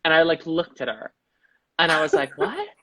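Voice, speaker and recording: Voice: medium pitch, fairly quick, bright, forceful tone, no echo, poor audio. A podcast guest chatting casually and telling anecdotes, full of "like" and "um", acting out the people they quote.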